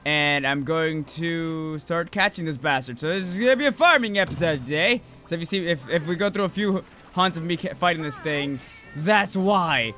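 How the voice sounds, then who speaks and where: Male let's-play host, high lively voice, profane running commentary, game music underneath. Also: normal speed. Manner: profane, yells insults at the monster. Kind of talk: casual gameplay commentary.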